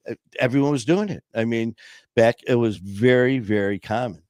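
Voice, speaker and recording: A man's voice: mid-range voice, normal speed, darkish tone, no room sound, clean studio sound. A man in his sixties from Michigan, hosting a podcast and telling loose, profane stories full of "man" and "you know". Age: 60s. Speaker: podcast host. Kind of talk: casual storytelling interview. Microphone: streaming podcast mic.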